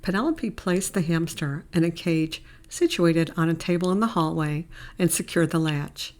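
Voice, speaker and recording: Low-voiced woman narrating a romance audiobook. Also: normal speed, few pauses, a little mellow.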